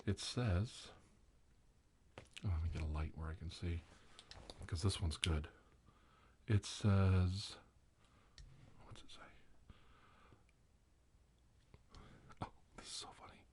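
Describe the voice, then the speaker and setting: A man doing a whispered role-play as a comic ASMR host, teasing and mock-soothing, with soft talk and whispers. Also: low-pitched, slight background noise.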